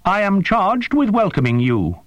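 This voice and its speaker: A man voicing a prim winged alien creature, high and formal. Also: huge pitch swings, normal speed, no echo, dull audio. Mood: formal, matter-of-fact. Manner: precise, formal, matter-of-fact. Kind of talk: audiobook character voice.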